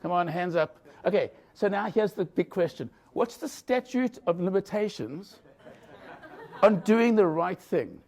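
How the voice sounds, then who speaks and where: A man's voice: high-pitched, lively intonation, a little slow, a little mellow. A man giving an engaging leadership lecture, asking his audience questions as he talks. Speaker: leadership professor presenting a session. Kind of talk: lively lecture to a live audience. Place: conference room.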